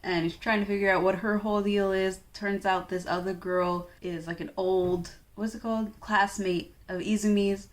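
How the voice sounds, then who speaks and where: A woman's voice: medium pitch, flat delivery, normal speed, few pauses. Chatty young woman recapping a manga. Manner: chatty, filler-heavy, wry. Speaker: manga reviewer. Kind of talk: casual book recap.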